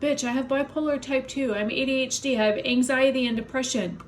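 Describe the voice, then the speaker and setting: A woman's voice: sits high, steady tone, fairly quick, a little hiss or hum. A woman vlogger in an angry personal rant to camera, swearing heavily and blunt, upset and in pain from a migraine. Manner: heavy swearing, blunt and indignant.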